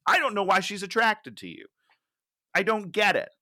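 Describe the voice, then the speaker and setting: A man's voice: high voice, lively intonation, normal speed, bright, forceful tone. A man co-hosting a casual movie podcast, sarcastically tearing into a film's writing. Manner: sarcastic, exasperated critic. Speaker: podcast co-host. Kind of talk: casual film chat.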